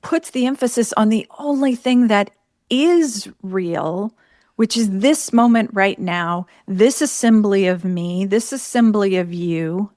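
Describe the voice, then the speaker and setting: Slow, contemplative woman podcast host. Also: mid-range voice, a little mellow, dry recording, clean studio sound. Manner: slow, contemplative, thinks aloud. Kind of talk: reflective conversation.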